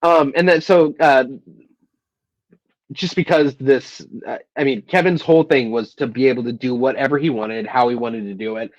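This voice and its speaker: A man's voice: medium pitch, moderate pace, no room sound, dull audio. A man co-hosting a casual podcast chat, rambling a little and acting out quotes. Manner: rambling, quotes lines in a raised voice. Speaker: podcast co-host. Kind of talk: casual chat about a film.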